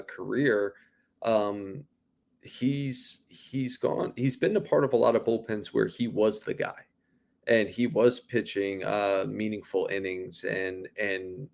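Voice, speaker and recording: A man's voice: lowish voice, gravelly. A man co-hosting a sports podcast, rambling with lots of restarts and casual swearing. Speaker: podcast co-host.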